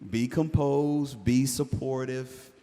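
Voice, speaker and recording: A man speaking to incoming students' parents at a university event, animated and joking, asking the crowd to answer back. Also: mid-range voice, takes it slowly. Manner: animated, jokey, calls for audience response. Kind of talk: live presentation to parents. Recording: hall reverb.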